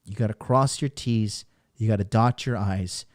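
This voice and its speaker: This man hosts a podcast and coaches people on dating, and here he repeats his points over and over in a profane, forceful pep talk. He speaks at an ordinary speed in a lowish voice. The sound is clean studio audio with no room tone.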